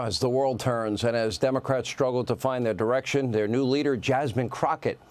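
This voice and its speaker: A man hosting a news opinion segment, delivering a sarcastic monologue in punchy lists. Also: mid-range voice. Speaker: news host.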